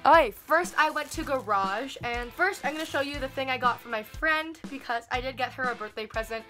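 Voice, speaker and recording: A woman's voice: sits high, bright, forceful tone, faint music behind. A young woman chatting casually to camera in a home vlog, upbeat and talkative. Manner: chatty, upbeat, quick asides. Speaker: vlogger. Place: indoors at home.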